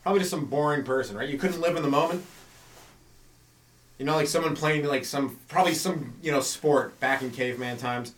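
A man with a fairly high voice talks fairly quickly in a loose, rambling stand-up monologue, hosting a comedy podcast with plenty of fillers and asides. He's recorded from a distance, off the mic, in an echoey room.

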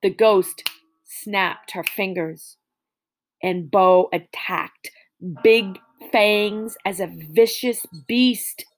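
A woman reading a spooky story aloud in a slow, deliberate way, with small slips and restarts. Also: mid-range voice. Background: faint music.

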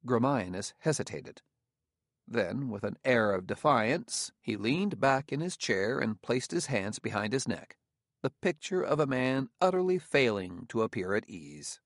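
A man narrating an audiobook in an even, unhurried storytelling manner. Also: mid-range voice, no echo, studio quality. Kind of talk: scripted narration.

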